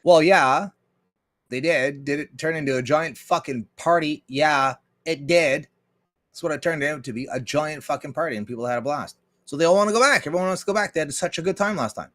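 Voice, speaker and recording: A man with a slightly high voice runs a casual livestream and fires off a profane, argumentative rant. He keeps it blunt and combative, pausing now and then to greet viewers and read their messages aloud. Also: fairly bright tone. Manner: reads viewer chat aloud. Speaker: livestream host. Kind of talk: casual ranting commentary.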